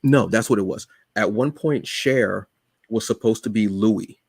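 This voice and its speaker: A man co-hosting a podcast, chatting casually and rambling with lots of halting fillers. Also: fairly low pitch, vocal fry, breathy edge, no room sound, clean studio sound. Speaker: podcast co-host. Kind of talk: casual chat.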